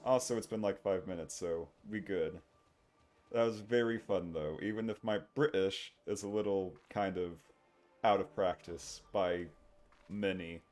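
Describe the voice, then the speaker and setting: A male streamer talking casually to chat while playing a game, in a relaxed, low-key way. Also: measured pace. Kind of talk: live game stream commentary.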